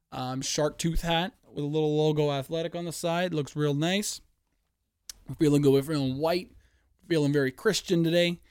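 Brief: rambling male podcast host with a slightly high, clear voice, swears often. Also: no echo, clean studio sound. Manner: profane, animated, rambling. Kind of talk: casual solo podcast rant.

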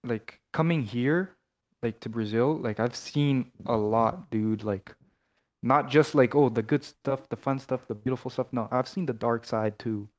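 A man's voice: medium pitch, unhurried. A young man co-hosting a casual podcast, talking animatedly with lots of fillers and swearing. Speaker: podcast co-host. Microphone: headphones, off his usual mic.

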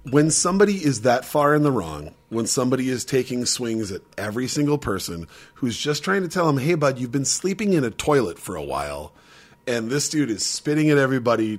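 A man telling a story in casual podcast chat, animated and profane, laughing often. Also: medium pitch.

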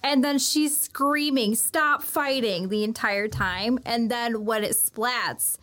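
A woman's voice: fairly high pitch, slow, fairly bright tone. A woman co-hosting a podcast, chiming in with enthusiasm while her friend recaps an anime. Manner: enthusiastic listener, chimes in and laughs. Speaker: podcast co-host. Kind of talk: casual chat.

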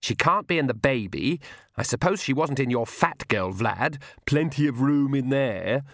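A man voices a sneering, haughty young female vampire, pitching above his natural voice in a snide, scornful tone. His delivery is medium-pitched, lively and a bit bright at a moderate pace, captured in clean studio sound with no room echo.

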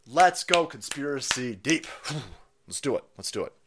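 A man hosting a livestream, ranting with heavy profanity and mockery, swinging from loud outbursts to low mutters. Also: very animated, unhurried, husky. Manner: profane, mocking, swings between shouting and muttering, laughs often. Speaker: livestream host. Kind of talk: ranting live commentary.

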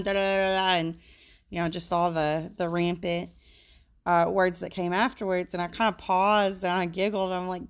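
Woman, social worker, lowish voice, frank and casual, swears now and then. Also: steady tone, moderate pace, clear, resonant tone. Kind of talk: casual talk on emotions.

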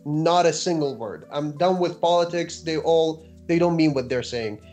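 A man from Iraq, a physician guest, telling stories in an animated, wry podcast chat. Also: fairly high pitch, normal speed, faint music behind. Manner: animated storyteller with wry humor. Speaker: guest, physician and anatomy teacher.

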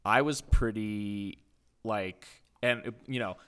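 A man's voice: fairly low pitch, takes it slowly, fairly bright tone, clean tone. A man co-hosting a casual comedic chat, easygoing, chiming in with agreement and asides. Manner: easygoing, frequent agreeing backchannels. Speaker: podcast co-host.

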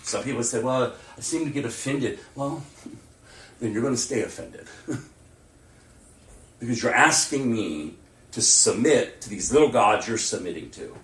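A man preaching a sermon as pastor, animated, swinging between loud outbursts and near-whispers. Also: medium pitch, unhurried, long pauses. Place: church. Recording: roomy and distant mic with faint ambience.

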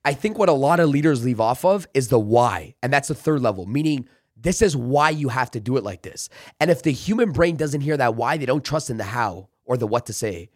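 A man's voice: medium pitch, expressive, a little fast, dry recording. Man, sales trainer, podcast guest, emphatic coaching delivery, dry close sound. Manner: emphatic, coaching, acts out pep talks. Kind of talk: casual interview talk. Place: office.

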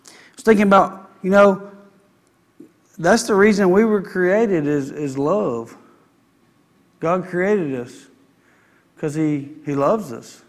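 A man, preaching a sermon in a conversational, folksy way and repeating his phrases. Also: on the high side. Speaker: pastor. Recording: long hall reverb.

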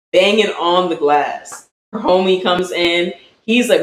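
A podcast co-host telling a story in a casual live-stream chat, animated and laughing often. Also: medium pitch, unhurried. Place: indoor room, streaming live. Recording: roomy echo, faint background hum.

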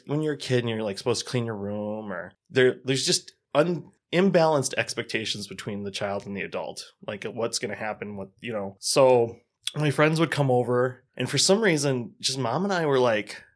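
A man's voice: medium pitch, animated, moderate pace. A man co-hosting a podcast, telling a story in casual chat with lots of filler words. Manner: rambling, filler-heavy storytelling. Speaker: podcast co-host.

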